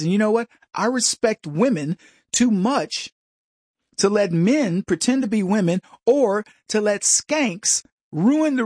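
A man's voice: high voice, a little mellow, dry recording, clean studio sound. A man hosting a commentary show, talking in a rambling way and mimicking voices in his anecdotes. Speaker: show host. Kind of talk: opinionated commentary.

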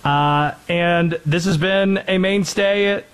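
A man hosting a casual sports talk show, rambling and animated as he talks. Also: sits high, takes it slowly, smooth. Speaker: host.

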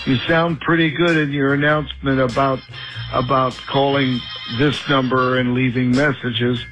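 A man's voice: mid-range voice, level tone, moderate pace, a bit bright, lo-fi sound, soft background music. A man leaving an affectionate, emotional voicemail for a radio host. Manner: emotional, affectionate, fighting tears. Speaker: caller leaving a message.

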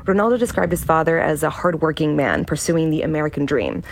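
Woman reporter, low voice with gravelly fry, measured factual radio news delivery. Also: slight background noise.

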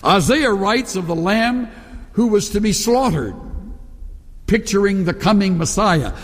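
A man delivering a sermon in a fairly high, slightly husky voice. He preaches earnestly and lifts his voice on quoted scripture, with a long reverb trailing behind him. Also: expressive, measured pace. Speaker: pastor.

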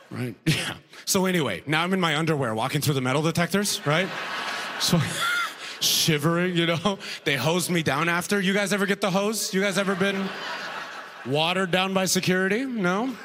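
A man's voice: sits high, normal speed, big-room sound. A young man from Sudan, doing a conversational stand-up comedy set on stage, tagging lines with "right?" and laughing along. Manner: conversational, self-deprecating, frequent "right?" tags and laughs. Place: comedy club stage before a live audience.

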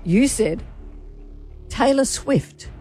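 A woman co-hosting a radio show, running a contest with bright, laughing, teasing banter. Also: fairly high pitch, animated, very slow, husky, soft background music. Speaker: radio co-host.

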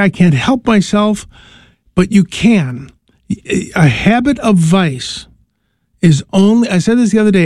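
A man's voice: high-pitched, creaky, a little mellow, dry recording, clean studio sound. An older man, a priest hosting a call-in radio show, giving advice in a chuckling, rambling way with many restarts.

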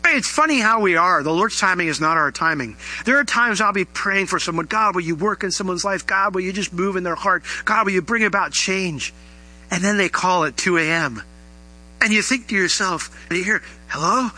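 A middle-aged man preaching with a very bright, ringing voice pitched a little high. He talks in an animated way and lifts into emphatic questions aimed at his listeners. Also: normal speed, rough recording. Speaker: pastor. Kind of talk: sermon.

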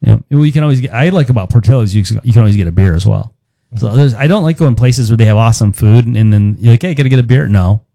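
A man's voice: lowish voice, fast, gravelly, dark tone, no room sound. A man hosting a talk radio show, rambling and joking casually with his co-hosts. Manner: rambling, joking, chuckles between words. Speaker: radio host.

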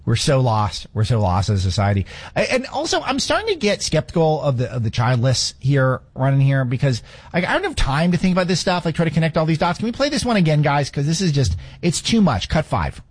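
Sarcastic commentary host in his thirties, slightly high, husky voice. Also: big pitch swings, brisk. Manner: sarcastic, mocking rhetorical questions. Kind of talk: opinionated monologue with played clips.

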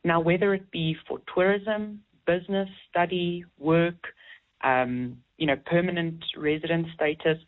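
Low-voiced woman on a phone line. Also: steady tone, a little slow. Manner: clear, explanatory. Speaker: immigration consultant, radio guest. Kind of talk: phone-in radio interview.

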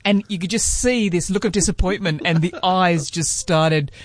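A woman's voice: on the low side, normal speed, dry recording. A woman with an Australian accent, hosting a casual radio chat and telling a playful story. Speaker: radio host. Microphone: studio microphone.

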